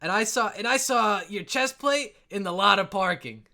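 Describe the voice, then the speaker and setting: Man doing loud rowdy partying dwarves. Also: sits high, normal speed, pitched above the performer's own voice, full character voice. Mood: boisterous. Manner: shouting cheerfully.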